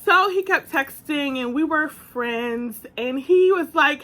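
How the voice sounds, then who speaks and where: A young woman with a fairly high voice tells a personal story to her viewers in a casual vlog. She is animated, laughs easily and slips into the voices of the people she quotes. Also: slow, few pauses. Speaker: vlogger.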